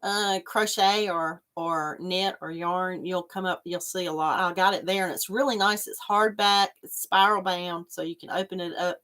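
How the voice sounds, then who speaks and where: A woman hosts a relaxed livestream and chats with viewers as she goes. She rambles easily from one thought to the next and stops to answer comments as they come in. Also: fairly low pitch, moderate pace, few pauses. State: coughing after choking on water. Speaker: livestream host. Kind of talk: casual chat with live viewers.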